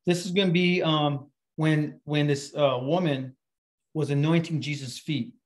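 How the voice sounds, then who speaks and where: A man's voice: fairly high pitch, steady tone, measured pace. A middle-aged man preaching a casual, conversational sermon, telling stories with many fillers and restarts. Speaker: pastor.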